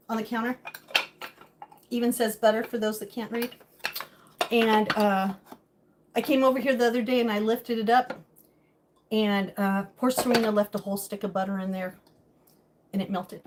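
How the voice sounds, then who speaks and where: High-voiced chatty woman streaming from her kitchen. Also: background noise. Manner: chatty and joking, answering viewer comments aloud. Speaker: live-stream host. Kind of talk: casual live-stream chat while cooking. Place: home kitchen.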